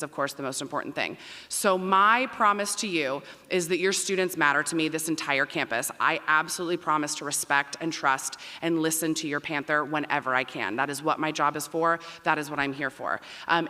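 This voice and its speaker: Loud, fast-talking woman dean in a hall. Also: sits low. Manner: loud, emphatic and energetic. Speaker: dean of students. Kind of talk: welcome speech to families. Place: large performing arts auditorium. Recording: long reverb in a big hall.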